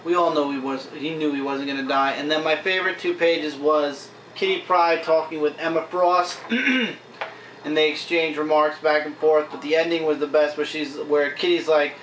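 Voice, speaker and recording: A man's voice: on the high side, steady tone, moderate pace, fairly bright tone, a little hiss or hum. A man hosting a casual comic book review vlog, chatty, recapping scenes with plenty of fillers. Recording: echoey room, mic at a distance.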